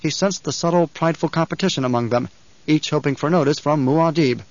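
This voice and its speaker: Steady male narrator for a novel; dry, muffled read. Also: fairly high pitch, fairly quick, dry recording. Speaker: audiobook narrator. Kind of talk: scripted narration.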